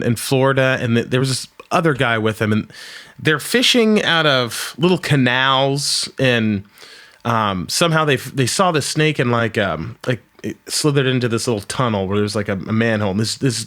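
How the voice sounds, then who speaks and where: A man hosting a podcast, telling stories animatedly and acting out quotes in a casual way. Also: mid-range voice. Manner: animated storyteller, acts out quotes loudly. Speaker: podcast host. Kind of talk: casual conversation.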